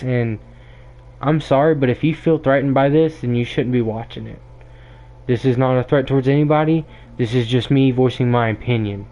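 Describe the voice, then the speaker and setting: A young man rants bluntly into the mic, hammering his points home and circling back over the same ideas. His voice sits at an ordinary middle pitch. The sound is thin and tinny, as if heard over a phone line. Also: clean tone. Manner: blunt, emphatic, ranting, repeats himself. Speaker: podcast host. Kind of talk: opinionated monologue.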